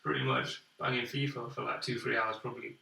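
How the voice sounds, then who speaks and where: A man's voice: medium pitch, flat delivery, brisk, creaky, bright, forceful tone, distant mic. A young man co-hosting a podcast, telling a story in casual chat and acting out quoted lines with animation. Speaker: podcast co-host. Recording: echoey room, off-mic.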